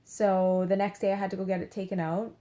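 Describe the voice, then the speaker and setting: A young woman tells a story in a relaxed, chatty way, leaning on "like" and slipping into little voices for the people she quotes. Her voice is warm and mellow rather than bright. She sounds laid-back, as if talking from her bed. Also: mid-range voice, a little fast. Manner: chatty, heavy use of "like", acts out quotes. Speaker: beauty vlogger. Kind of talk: casual storytelling to camera. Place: in bed at home.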